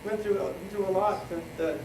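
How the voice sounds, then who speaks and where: A middle-aged man giving a rambling, joking wedding toast, halting often with fillers as he loses his thread. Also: high-pitched, fairly even intonation, gravelly, background noise. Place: wedding reception hall. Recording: echoey hall from far off, crowd chatter.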